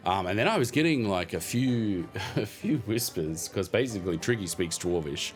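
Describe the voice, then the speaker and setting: A man's voice: fairly low pitch, expressive, normal speed, faint music behind. A man hosting a podcast, casually recapping a tabletop game session in a rambling way, laughing now and then. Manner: rambling, many fillers, chuckles often.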